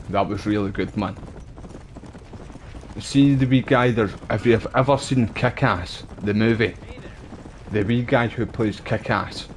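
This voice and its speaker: A Scottish man with a lowish voice chats casually as he streams a game. He rambles from one story to the next in a relaxed, slangy way, with faint game sounds behind him. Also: slight background noise. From Scotland. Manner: rambling, chatty, uses local slang. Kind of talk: casual gameplay chat.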